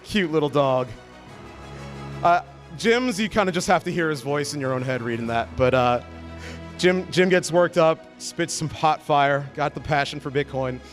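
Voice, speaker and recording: Joking awards host with a stammer. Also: male voice, on the high side, moderate pace, faint music behind. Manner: joking, stammering, reads nominee quotes aloud. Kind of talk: live awards presentation at a party. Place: after-party at a conference.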